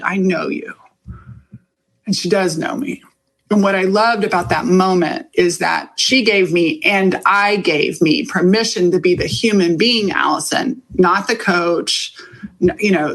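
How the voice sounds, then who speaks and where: A woman's voice: medium pitch, a bit bright. A middle-aged woman, a coach, talking in a frank and confessional way about her own life, swearing freely as she goes. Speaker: leadership coach. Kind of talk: candid personal monologue.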